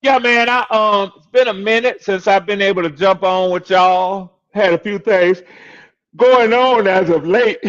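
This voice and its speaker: Older man, relaxed drawl, slightly high voice, lo-fi call sound. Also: a little slow. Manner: laid-back, drawling, frequent "yes, sir". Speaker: podcast panelist. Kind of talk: casual chat.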